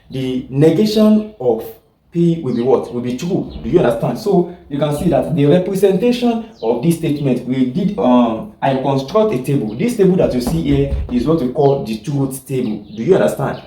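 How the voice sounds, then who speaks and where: A man gives a classroom lecture, often checking that students follow and repeating his points. His voice is mid-range and mellow, captured far from the mic in an echoey room.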